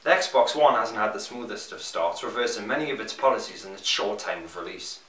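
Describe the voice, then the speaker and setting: Bright-voiced Geordie man cracking wise over news. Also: on the low side, animated, fairly quick, soft background music. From North East England. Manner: wisecracking, mock-enthusiastic. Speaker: co-host of a gaming news show. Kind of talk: scripted comedic news reading. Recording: roomy echo, mic at a distance.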